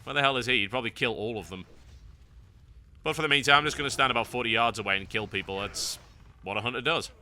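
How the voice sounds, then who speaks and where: A man's voice: mid-range voice, fast, pushed and bright, slight background noise. A man hosting a game guide, giving wry, sarcastic gameplay commentary.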